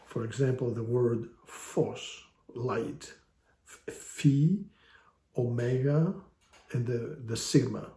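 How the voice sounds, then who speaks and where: A man teaches a casual online lesson at an unhurried pace, his voice gravelly and mellow. He explains with wry, joking asides, and the sound carries the echo of a room. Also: medium pitch. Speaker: language teacher. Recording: echoey room.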